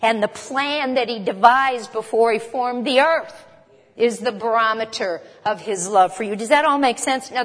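Woman preacher, fairly high voice, asks the room questions, sermon recorded with long hall reverb. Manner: conversational, emphatic, asks the listeners questions. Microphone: camera.

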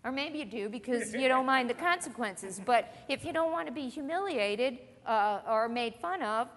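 A woman's voice: fairly high pitch, animated, moderate pace, fairly bright tone. A woman teaching a church Bible lesson to a group, earnest and conversational, posing questions to her listeners. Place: church meeting room with an audience. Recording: long reverb of a hall.

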